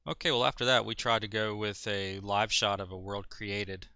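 A man's voice: fairly low pitch, little pitch movement, normal speed, pushed and bright, clear, resonant tone, no room sound, muffled recording. A man new to YouTube, talking through his game footage with lots of ums and restarts. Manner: hesitant, many ums and restarts. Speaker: beginner YouTuber. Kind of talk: game commentary vlog.

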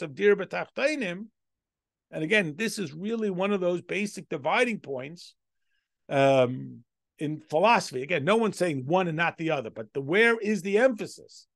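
A man's voice: on the high side, vocal fry, a bit bright, no room sound, studio quality. A man teaching a Torah lesson as a rabbi, reading Hebrew text aloud and explaining it step by step with rhetorical questions. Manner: reads Hebrew text aloud then translates.

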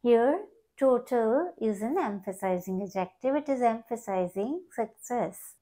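A woman's voice: a little high, lively intonation, a little slow, dark tone. A woman teaching an English grammar lesson, explaining step by step and often repeating words.

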